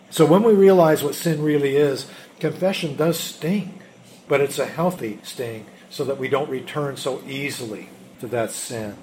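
A man preaching a sermon as a pastor, emphatic, swinging between loud urgency and hushed intensity. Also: mid-range voice, moderate pace, slight background noise.

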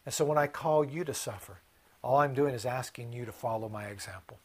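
A man preaching a sermon, swinging from hushed, quiet passages to loud, impassioned ones. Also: mid-range voice, fairly quick. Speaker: pastor.

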